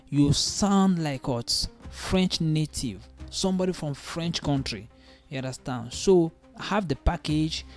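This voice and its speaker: A man teaching French vocabulary online, slowly repeating each word and often asking learners whether they understand. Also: medium pitch, darkish tone. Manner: slow, drawn-out repetition of each word; keeps checking in with learners.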